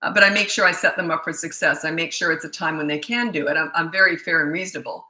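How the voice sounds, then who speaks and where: A woman's voice: sits low, fast talker, pushed and bright, roomy sound, low-quality recording. Blunt, emphatic woman parenting coach. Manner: blunt, emphatic, with many restarts. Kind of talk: live Q&A, answering viewer questions.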